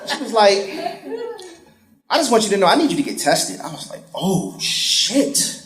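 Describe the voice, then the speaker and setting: A male comic performs stand-up for a live audience, his high voice sing-song, slightly bright, and moderately paced. He delivers profane, sarcastic stories and does voices, while laughter fills the roomy venue.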